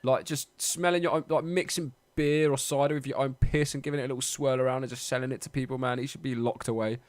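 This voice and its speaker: A man's voice: mid-range voice, steady tone, fast talker, no room sound. A young man co-hosting a podcast, chatting casually, sweary and jokey. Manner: sweary, jokey, puts on mock voices. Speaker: podcast co-host. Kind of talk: casual banter.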